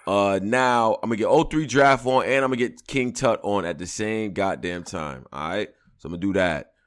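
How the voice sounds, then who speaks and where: Raspy-voiced man hosting a podcast. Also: fairly low pitch, moderate pace. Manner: laid-back, loose, many fillers. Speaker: podcast host. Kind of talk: casual podcast chat.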